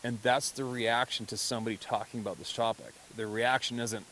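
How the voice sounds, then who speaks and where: A man's voice: medium pitch, fairly even intonation, moderate pace, fairly bright tone. Guy rambling on camera, laughs a lot, acts out how people react, plain everyday voice, faint hiss behind. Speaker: hunter telling encounter stories. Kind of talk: casual monologue.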